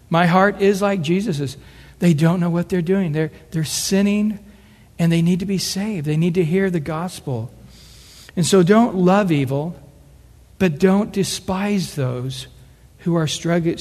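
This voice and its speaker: A man's voice: high voice, unhurried, darkish tone, big-room sound. A middle-aged man preaching a sermon in an earnest, conversational way, acting out quotes as he goes.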